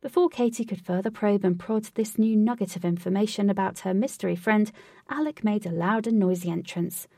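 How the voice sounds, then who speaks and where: A woman narrating a storybook in an even, clear reading voice. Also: medium pitch, a little fast, no room sound, clean studio sound, recorded from a distance.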